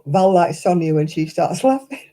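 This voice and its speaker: A woman's voice: fairly low pitch, lively intonation, normal speed, dark tone. An older woman hosting a crafting livestream, telling stories in casual chat and laughing often as she talks. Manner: chatty anecdotal storyteller, laughs often.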